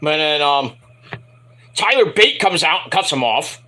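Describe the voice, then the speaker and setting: A man's voice: fairly high pitch, very animated, measured pace, pushed and bright. A man reviewing a wrestling show in a casual, profane, rambling and jokey solo commentary.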